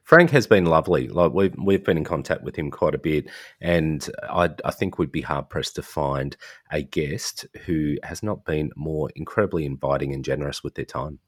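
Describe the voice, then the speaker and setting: A man's voice: very deep voice, moderate pace, husky, dry recording. A man co-hosting a podcast in casual chat, with a dry and wry manner. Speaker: podcast co-host.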